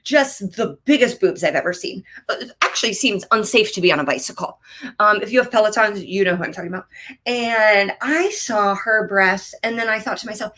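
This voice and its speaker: Woman comic in her thirties, bright edgy voice, ranting stand-up with squeaky spikes, computer mic at home. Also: normal speed. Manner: animated, ranting, jumps into high-pitched outbursts. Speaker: stand-up comedian. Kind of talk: stand-up comedy set over video call. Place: home office.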